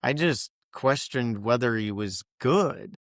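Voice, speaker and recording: A man's voice: medium pitch, expressive, slow, no room sound, studio quality. A man, a veteran guest on a podcast, talking candidly and bluntly with frequent swearing.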